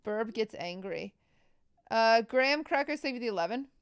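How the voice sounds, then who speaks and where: Gravelly-voiced woman streamer, dry and close. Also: on the high side, lively intonation, normal speed, no echo. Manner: playful, joking, thanks chat subscribers. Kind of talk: casual live-stream chat.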